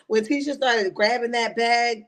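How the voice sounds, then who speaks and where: A woman hosting a casual reality TV recap livestream, animated and slangy, often laughing and calling her viewers "honey.". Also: on the high side, measured pace. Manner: slangy and emphatic.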